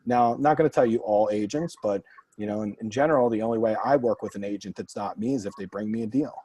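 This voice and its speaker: A man hosting a group Q&A, telling blunt, animated stories full of quoted dialogue. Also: lowish voice, quick pace, low-quality recording. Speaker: real estate investor and mastermind host. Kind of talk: casual group Q&A coaching.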